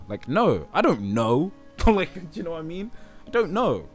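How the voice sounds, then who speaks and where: A man's voice: a little high, very animated, moderate pace, faint music behind. A young man with a British accent rambling in a casual monologue to his viewers, often checking whether he is understood. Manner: rambling, often asks "do you know what I mean". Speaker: YouTube creator.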